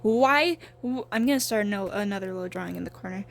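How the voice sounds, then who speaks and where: A woman's voice: medium pitch, quick pace, vocal fry, few pauses. A young woman in her twenties talking casually while she draws, rambling and swearing with a self-deprecating streak. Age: young adult. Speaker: vlogger.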